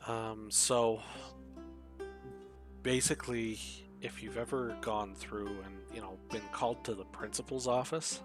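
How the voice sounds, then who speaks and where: A man's voice: fairly low pitch, steady tone, unhurried. A man speaking as a player in a tabletop game, earnest and reflective, with music behind. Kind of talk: casual chat in a tabletop game.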